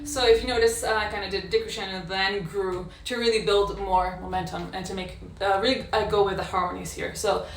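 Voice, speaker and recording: A woman in a casual practice session, explaining how she practices a violin piece in a thoughtful way, pausing often with fillers. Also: medium pitch, fairly even intonation, over music. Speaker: violin teacher. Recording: echoey room with violin playing.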